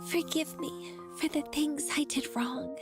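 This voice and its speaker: A woman's voice: high voice, fairly even intonation, unhurried, loud music behind the voice. A woman voicing a young florist who grieves her grandfather in a video game, talking in a tearful, pleading way. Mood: solemn farewell.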